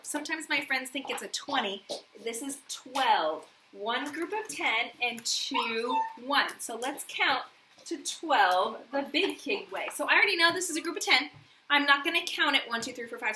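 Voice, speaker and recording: Bright high-voiced teacher woman. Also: expressive, unhurried, far from the mic, slight background noise. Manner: patient, prompting questions and praise. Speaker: elementary school teacher. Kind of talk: morning meeting lesson for young children. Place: classroom. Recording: roomy echo.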